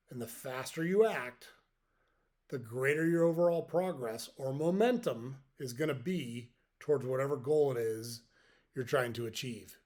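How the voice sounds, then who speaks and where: Middle-aged man giving a reflective motivational talk. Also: mid-range voice. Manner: reflective, explains step by step; folksy, tells jokes as examples. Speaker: podcast host.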